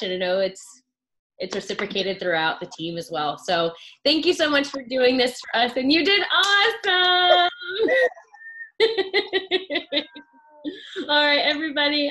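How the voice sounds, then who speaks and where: A woman host wrapping up a team call in an upbeat, gushing way. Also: mid-range voice. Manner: upbeat, gushing, animated retelling.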